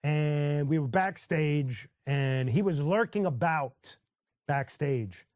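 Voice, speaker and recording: Animated high-voiced man hosting a stream. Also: slow pace, no room sound, clean studio sound. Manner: animated storyteller who sings snippets and laughs often. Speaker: host. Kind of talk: casual live-stream chat.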